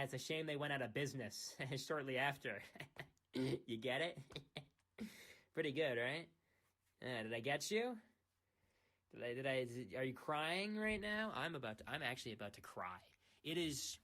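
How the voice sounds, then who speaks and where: Bright-voiced young man rambling into phone. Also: mid-range voice. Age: young adult. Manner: rambling, self-mocking, playful teasing. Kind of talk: casual rambling monologue. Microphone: phone microphone.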